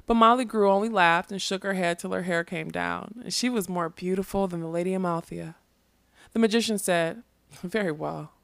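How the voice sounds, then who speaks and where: A woman reading a fantasy novel aloud, unhurried and lyrical. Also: mid-range voice, a bit bright, no echo. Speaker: reader.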